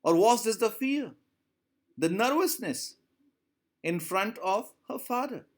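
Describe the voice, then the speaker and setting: Indian english teacher going over a story, bit high voice, really lively up and down. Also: male voice, slow pace. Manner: repeats and rereads lines, asks questions. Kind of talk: classroom lesson explaining a story.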